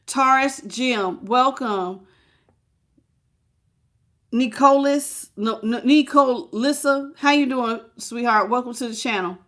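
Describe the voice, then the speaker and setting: Woman with a slightly high voice doing a chatty live tarot reading aimed straight at the viewer. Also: takes it slowly, a bit bright. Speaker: tarot reader.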